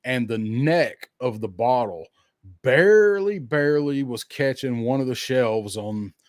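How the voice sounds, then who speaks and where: A man with a Southern US accent tells stories on a podcast in a loose, animated way, acting out quotes and swearing freely. His voice sits in a middle range and is recorded close and dry, with no room sound. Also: mid-range voice, measured pace, dry recording. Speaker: podcast co-host. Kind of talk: casual storytelling chat.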